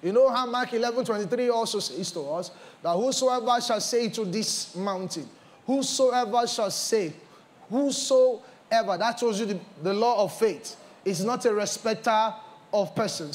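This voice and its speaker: A pastor with a Nigerian English accent, preaching a sermon with lively storytelling and repetitions. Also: male voice, high voice. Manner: animated storytelling with repetitions, mixing in pidgin. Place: church.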